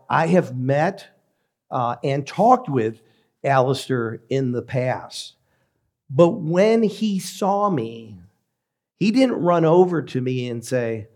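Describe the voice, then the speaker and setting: A man who is a pastor, preaching a sermon in a measured, emphatic way with deliberate pauses. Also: fairly high pitch, darkish tone.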